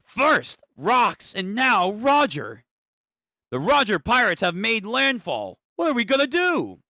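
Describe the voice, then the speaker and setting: A shrill, frantic navy officer, as a man puts him on for a comic reading. The voice jumps high and stretches each word out in panic. The sound is dry and close. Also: wildly swooping pitch, vocal fry, dry recording, heavily acted. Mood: panicked. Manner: high, drawn-out panicked shouting.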